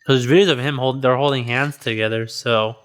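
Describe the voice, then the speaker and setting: A man co-hosting a podcast in casual chat, passing on gossip and firing off quick questions. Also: mid-range voice, fairly even intonation, clear, resonant tone. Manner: chatty, swaps gossip, asks quick questions. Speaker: podcast co-host. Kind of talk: casual chat over drinks.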